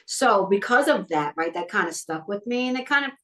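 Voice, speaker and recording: A woman's voice: mid-range voice, brisk. A middle-aged woman from New York telling personal stories in a casual interview and acting out the people in them. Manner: animated, acts out the people in her stories. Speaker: guest, talent manager.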